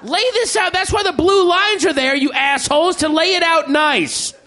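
A man voicing a stressed male magazine editor who yells at his staff in exasperation. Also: very high-pitched, normal speed, some chatter behind, voice pushed up. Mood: furious. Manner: yelling, exasperated, profane.

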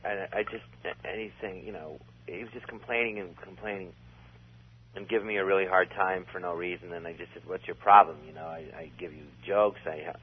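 A man's voice: low voice, fairly even intonation, brisk, breathy edge. A man telling a long story in a casual, rambling way, full of restarts. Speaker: comedian guest. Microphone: phone. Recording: tinny phone line.

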